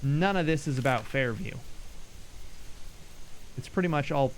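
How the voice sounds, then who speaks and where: Guy streaming a game, kinda high voice, slow easy talking, yelps when stuff jumps out. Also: a little hiss or hum. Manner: excitable, yelps and shouts when startled; talks to himself and to chat while playing. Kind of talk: live gameplay commentary.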